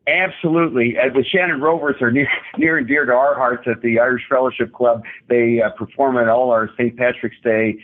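A man's voice: mid-range voice, fairly even intonation, breathy edge. Upbeat man on a tinny phone line. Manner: upbeat, halting with many restarts. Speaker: club president, guest. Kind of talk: radio interview over the phone.

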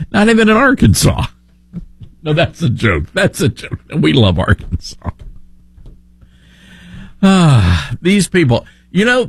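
A man's voice: a little high, breathy edge, no room sound. A middle-aged man hosting talk radio, opinionated, sarcastic and joking. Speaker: radio talk show host.

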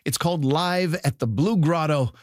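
A man hosting a comedy show, giving measured announcements and introducing comedians. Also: on the high side, no room sound, studio quality.

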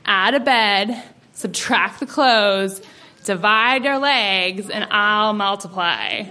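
A man's voice: high voice, slow, pushed and bright, a little hiss or hum, exaggerated voice. A woman voicing a cocky teenage boy, a basketball star, slyly delivering cheesy pickup lines. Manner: sly, teasing pickup-line delivery.

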